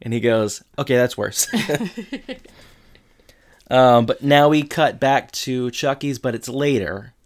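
A woman chatting casually on a podcast, recapping a TV episode and jumping her voice up high for quoted lines. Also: slow. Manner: lively, jumps pitch for quoted lines.

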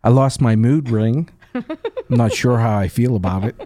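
A man's voice: medium pitch, moderate pace, dark tone, dry recording. A man co-hosting a radio show, telling jokes in casual banter with a dry, self-deprecating delivery. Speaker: radio co-host.

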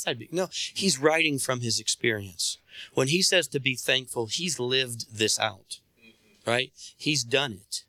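A man's voice: medium pitch, unhurried, bright, forceful tone, no room sound. A man preaching a sermon as pastor, calling on his listeners to respond and repeat after him. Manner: preaching, calls on the congregation to respond.

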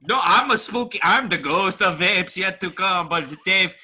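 A man's voice: high-pitched, moderate pace, sharp tone, slightly rough, heavily acted. A man playing a bumbling ghost who rambles and halts while channeling a spirit, in an improvised comedy podcast. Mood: rambling.

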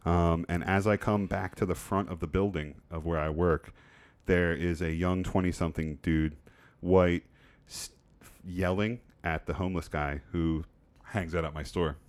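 A man's voice: low-pitched, measured pace. A man in his thirties casually telling a story on a podcast, swearing freely and acting out the people in it. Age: 30s. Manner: animated storyteller, swears often, acts out shouting in his stories. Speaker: podcast co-host. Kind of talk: casual chat.

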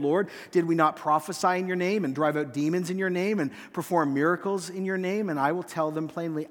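A man preaching a sermon as pastor, acting out quoted lines with emphasis and letting phrase ends fall quiet. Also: on the high side. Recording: long hall reverb.

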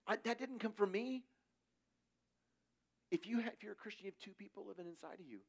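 A man's voice: high voice, a little fast, gravelly, a little mellow. A middle-aged man giving a conversational sermon, telling stories casually and acting out quoted voices. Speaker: preacher.

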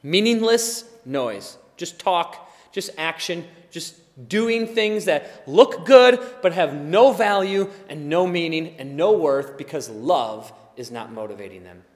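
A man with a high voice preaches to his congregation, swinging from forceful emphasis to hushed asides. His talk is casual and conversational, dotted with fillers, and a long reverb trails behind every word. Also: takes it slowly. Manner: animated preaching, swinging between loud emphasis and quiet asides; conversational, with occasional laughs and fillers. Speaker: pastor. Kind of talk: sermon.

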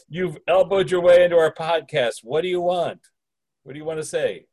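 A man's voice: a little high, normal speed, pauses often, a little mellow. A man co-hosting a podcast in casual chat, playful and joking, often laughing. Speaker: podcast co-host.

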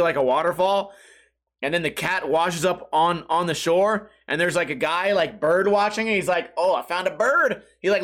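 A man's voice: on the high side, fairly bright tone. A man hosting his podcast, rambling casually and joking with a profane streak. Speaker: podcast host. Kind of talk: casual chat.

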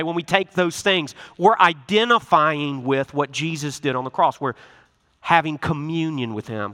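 A male pastor giving a lively, conversational sermon, acting out little asides as he goes. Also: a little high, in a large hall. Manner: animated, conversational preaching with acted-out asides.

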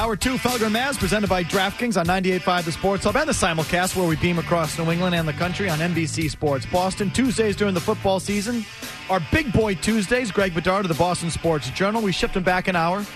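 A man hosting a sports radio talk show, brisk and joking in banter with his guest. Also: sits high, music in the background.

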